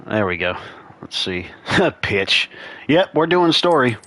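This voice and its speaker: A man's voice: mid-range voice, big pitch swings, takes it slowly, sharp tone, no echo. A young man giving casual, rambling gaming commentary, chuckling as he goes. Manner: rambling, laughing, chatty. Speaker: streamer.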